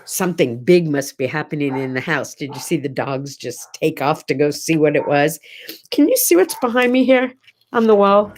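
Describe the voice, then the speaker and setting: A woman's voice: low-pitched, expressive, moderate pace, a little mellow, a little hiss or hum. A woman hosting her morning vlog from a room at home, chatting with viewers in an encouraging way and often asking them questions. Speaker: host. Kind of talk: casual morning vlog talk.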